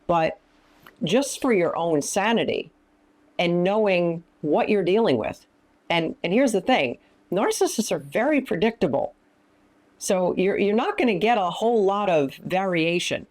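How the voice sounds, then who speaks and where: A woman's voice: fairly low pitch, expressive, a little slow, darkish tone. A woman counselor and minister teaching in an interview, speaking emphatically and giving practical advice. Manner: emphatic, often acting out quoted lines.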